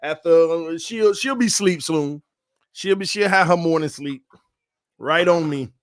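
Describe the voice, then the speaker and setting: A man's voice: on the high side, a little slow, no room sound, studio quality. A man hosting a casual livestream from home, chatty and upbeat, reading out viewer comments. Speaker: host of a fan channel livestream. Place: at home with his baby.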